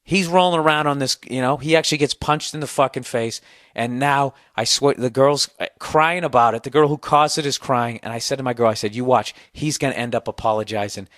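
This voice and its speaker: A man's voice: medium pitch, a little fast, fairly bright tone, no echo, studio quality. A man in his forties, from the United States, hosting a podcast with a sore throat, telling stories in a profane, sarcastic rant. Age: 40s. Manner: profane, ranting, sarcastic storytelling. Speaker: podcast host. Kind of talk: casual comedic monologue.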